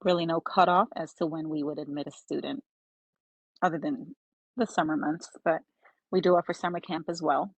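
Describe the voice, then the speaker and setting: A woman's voice: low-pitched, fairly even intonation, breathy edge, dry recording, poor audio. A woman who founded and heads a school, answering questions politely on a phone during an online meeting. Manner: polite, measured, slightly unsure. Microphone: phone on a video call.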